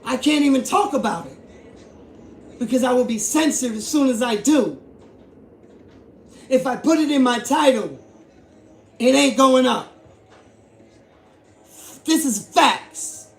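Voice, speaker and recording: Gravelly, high-pitched man ranting in an echoey room. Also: lively intonation, slow pace, long pauses. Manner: emphatic, repetitive, rising to shouts. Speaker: YouTube host. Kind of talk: impassioned commentary vlog.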